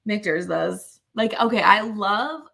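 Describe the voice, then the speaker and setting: A woman's voice: medium pitch, expressive, takes it slowly, gravelly, sharp tone. A woman co-hosting a live whiskey tasting, chatting bluntly and playfully. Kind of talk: casual livestream banter.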